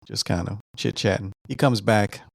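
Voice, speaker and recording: A man in his fifties, a veteran, casually retelling a doctor's visit in an animated way, repeating words and quoting what was said. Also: fairly low pitch, normal speed, vocal fry, dry recording, studio quality. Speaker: veteran sharing his cancer treatment story. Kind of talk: casual storytelling.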